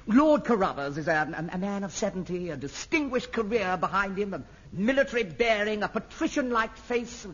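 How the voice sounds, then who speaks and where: A fussy, gushing amateur theatre director fluttering with theatrical enthusiasm. His voice is high for a man and leaps around constantly, heard through a dull lo-fi old radio recording with a light hiss. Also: expressive, a little fast, hardly any pauses, fairly bright tone, slightly rough, full character voice. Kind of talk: 1960s radio sitcom acting.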